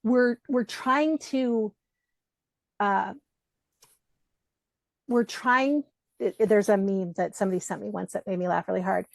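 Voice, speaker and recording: A middle-aged woman, a coach and guest, chatting in a casual interview, telling animated stories, acting out quoted voices and swearing freely. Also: medium pitch, unhurried, vocal fry, long pauses, dry recording.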